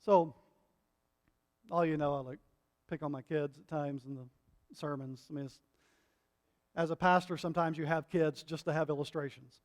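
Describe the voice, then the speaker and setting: A middle-aged man preaching a sermon as pastor, impassioned and building to loud repeated refrains, often checking in with the congregation. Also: on the high side, steady tone, normal speed, pauses often. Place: church sanctuary. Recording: long hall reverb.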